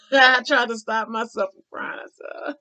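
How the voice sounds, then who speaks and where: This spiritual channeler's voice is very high-pitched and sharp, with fairly even intonation and a measured pace. He rambles through a heartfelt spiritual story in casual vlog talk, restarting often and tossing in folksy words like "child" and "honey."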